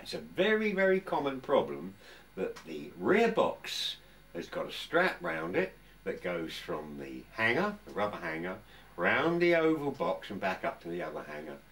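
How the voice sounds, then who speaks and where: A man's voice: low-pitched, a bit bright, distant mic. An older English man talking casually to camera in his home workshop, chatty and rambling, often stopping and restarting his sentences. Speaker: vlogger.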